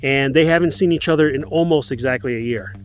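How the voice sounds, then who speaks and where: A man vlogging, chatting casually and telling animated stories, mimicking his mother in a shrill voice. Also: fast talker. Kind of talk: casual chat. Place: car, then indoors at home. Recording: loud music behind.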